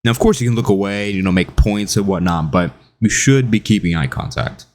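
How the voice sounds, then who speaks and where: A young man giving casual self-improvement advice in an animated, jokey way, acting out quotes. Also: on the low side, brisk. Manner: animated, jokey, laughs at his own stories, acts out quotes. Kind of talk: casual talking-head advice video.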